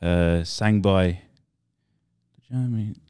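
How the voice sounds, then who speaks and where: A man co-hosting a casual podcast chat, relaxed and rambling, swearing casually and laughing. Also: sits low, extremely slow, smooth, dry recording, clean studio sound. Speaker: podcast co-host.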